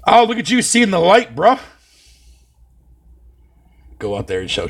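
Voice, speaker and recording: A man's voice: high-pitched, wildly swooping pitch, normal speed, pauses often, breathy edge. A young man from Canada chatting on a live stream, reading his chat aloud with profane, mocking banter.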